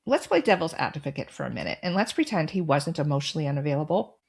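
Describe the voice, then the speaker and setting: Low-voiced woman telling a story firmly. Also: quick pace, creaky, husky. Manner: firm, calm, direct. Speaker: podcast host. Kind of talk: personal storytelling and advice.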